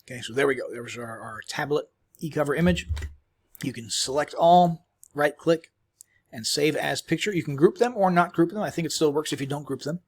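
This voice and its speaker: A man presenting a screen-recorded software tutorial in a casual, rambling way, full of ums and restarts, chewing while he talks. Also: a little high, fairly quick, breathy edge.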